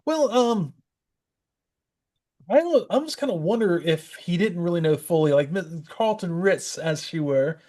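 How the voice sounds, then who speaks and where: A man's voice: sits high, lively intonation, unhurried, a little mellow. A man co-hosting a podcast, chatting casually about a comic, rambling a bit and chuckling often. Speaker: podcast co-host. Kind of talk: casual comic-book chat.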